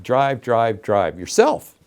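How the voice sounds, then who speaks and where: A middle-aged man from Florida, an interview guest telling his story with animated, emphatic delivery and acted-out quotes. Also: medium pitch, slow. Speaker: interview guest, game show announcer.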